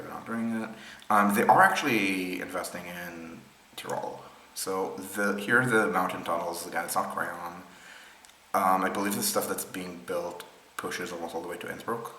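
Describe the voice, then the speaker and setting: A man with a low yet bright, cutting voice talks through rail maps off the cuff. He pauses often with ums and restarts sentences as he thinks. The sound is roomy, with a faint hum of ambience behind him. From Israel. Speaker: presenter explaining rail maps. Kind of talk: unscripted screen-share explainer.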